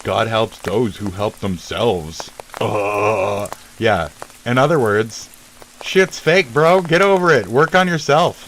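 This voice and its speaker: Man ranting angrily, constant swearing, lowish voice, faint street noise behind. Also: takes it slowly, a bit bright. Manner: angry, sneering, swears constantly. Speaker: vlogger. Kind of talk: profane ranting monologue. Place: outdoors near traffic.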